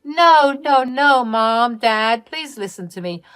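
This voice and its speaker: A woman voicing a selfish young woman who pleads and shouts in a shrill, frantic way in a read-aloud family drama story. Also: animated, slow pace, smooth, no room sound, studio quality. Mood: pleading.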